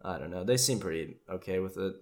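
A man's voice: deep voice, expressive, fast talker. A man giving casual, rambling commentary on a show, sarcastic and swearing freely.

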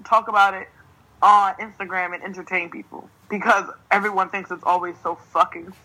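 A young woman from New Jersey, a podcast host telling a story in casual chat, swearing freely and ranting in an animated way, laughing often. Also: medium pitch, a little fast, slight background noise, rough recording.

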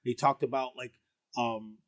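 Sex: man. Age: middle-aged. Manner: rambling, profane. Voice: baritone, dry close mic. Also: fairly even intonation, measured pace, no echo. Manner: rambling and profane, heavy with fillers and restarts. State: high on marijuana. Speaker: podcast co-host. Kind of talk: casual chat.

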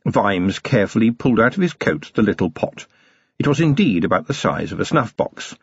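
Man, audiobook narrator, husky, lively intonation, dry close mic, slightly muffled. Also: fairly low pitch, fairly quick, no room sound. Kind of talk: scripted narration.

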